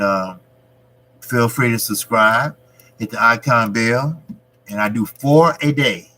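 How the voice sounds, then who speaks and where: A man's voice: medium pitch, sharp tone, poor audio. A man hosting a boxing livestream, reading the live chat aloud and talking bluntly and profanely in casual street banter.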